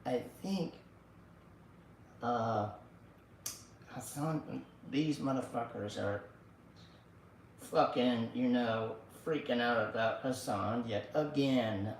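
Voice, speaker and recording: A man's voice: medium pitch, slow, long pauses, roomy sound, slight background noise, rough recording. A man hosting a casual political podcast, talking in crude, profane banter. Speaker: podcast host.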